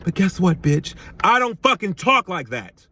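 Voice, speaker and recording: A man's voice: high voice, big pitch swings, normal speed, pushed and bright, breathy edge. A man telling an angry storytime rant about being treated unfairly at work, emphatic and swearing, stumbling over repeated words as he gets heated. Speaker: temp worker telling a story.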